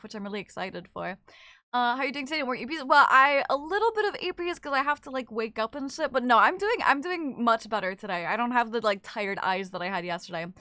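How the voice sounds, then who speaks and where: A young adult woman streaming games, chatting casually and reading her chat aloud in quick, excited bursts. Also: on the high side, no echo. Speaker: game streamer.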